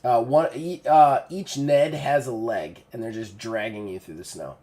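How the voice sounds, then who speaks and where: A man's voice: mid-range voice, warm tone. A man running a tabletop game as game master, narrating loosely with many fillers and restarts. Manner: loose, rambling narration with many fillers and quick character voices.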